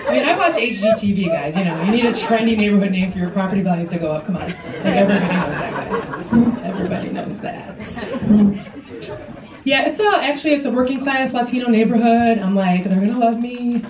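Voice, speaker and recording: A woman's voice: medium pitch, fast talker, a crowd in the background. A woman hosting a stand-up comedy show on a theater stage, chatty and self-mocking. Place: theater stage with live audience. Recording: roomy theater sound from a distance, loud audience.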